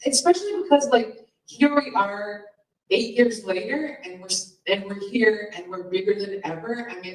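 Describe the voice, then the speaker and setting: A woman who founded a comedians' association, giving a rambling, chatty speech at a union meeting with asides and little laughs. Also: medium pitch. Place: meeting hall in a comedy club. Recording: roomy and from far off.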